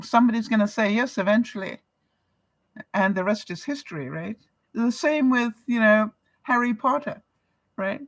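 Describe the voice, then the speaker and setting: A woman's voice: fairly high pitch, no echo. An older woman from Canada, a vlogger chatting casually with her viewers, laughing often and asking rhetorical questions. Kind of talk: casual livestream chat.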